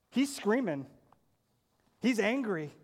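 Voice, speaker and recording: High-voiced man preaching in a reverberant hall. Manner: earnest and emphatic, uses repeated rhetorical questions. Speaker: pastor. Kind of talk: sermon.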